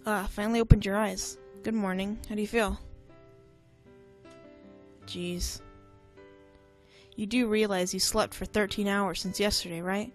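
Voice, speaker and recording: A woman voicing a calm, protective young man in a dating game, speaking in soft, reassuring tones with a controlling edge. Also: medium pitch, a little slow, pauses often, soft background music, natural voice. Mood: teasing.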